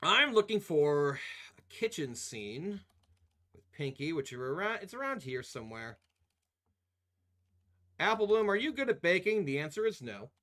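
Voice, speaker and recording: Young man, streamer, casual live-stream chat, somewhat high voice, very animated pitch, rambling, swears a lot, jokey. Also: normal speed, long pauses. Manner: rambling, profane and joking, often breaks into laughter.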